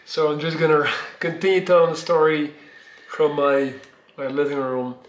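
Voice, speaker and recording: A man from Belgium, in his thirties, rambles through a personal story for his vlog. His voice sits a little high for a man and he swears casually. The room rings with a noticeable echo. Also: little pitch movement, normal speed. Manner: long-winded, rambling, swearing. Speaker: vlogger. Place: living room.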